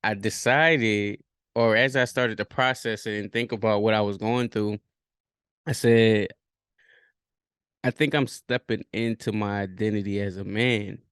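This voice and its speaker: Low, smooth-voiced man thinking aloud. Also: fairly even intonation, unhurried, a bit bright, no room sound, clean studio sound. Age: 30s. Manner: rambling, thinking aloud with many fillers and restarts. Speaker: podcast host. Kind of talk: reflective solo podcast talk.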